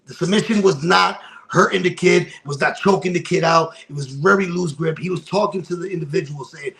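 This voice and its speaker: A man's voice: fairly high pitch, moderate pace, vocal fry, a bit bright, rough recording. A man, a guest on a podcast, tells a dramatic personal story with emphasis and repeated phrases. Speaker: podcast guest from a wrestling promotion.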